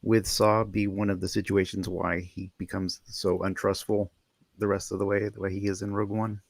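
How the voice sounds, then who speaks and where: A man with a low voice telling an anecdote in a casual podcast chat, then posing a question. His sound is dry and close, with no room echo. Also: little pitch movement, moderate pace, gravelly.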